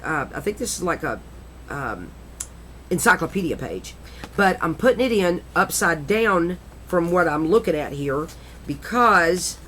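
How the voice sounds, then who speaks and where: A woman's voice: on the low side, a bit bright, slight background noise. A middle-aged woman chatting casually and rambling a little as she flips through a handmade craft journal, often correcting herself. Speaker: crafter showing her journal.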